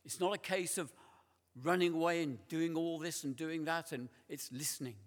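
A man preaching a sermon in a church, slow and deliberate, repeating key words for emphasis. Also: a little high, fairly even intonation. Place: large church. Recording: long church reverb.

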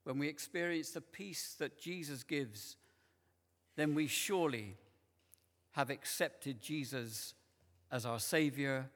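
A man preaching a sermon in a church, slow and deliberate, repeating key words for emphasis. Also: mid-range voice, fairly bright tone. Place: large church. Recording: long church reverb.

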